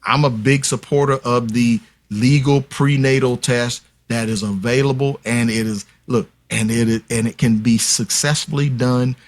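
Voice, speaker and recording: A man's voice: medium pitch, fairly even intonation, unhurried, few pauses. A man speaking as a guest expert on a podcast interview, explaining at length in an emphatic, lecturing way and addressing listeners directly. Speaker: guest expert on paternity fraud.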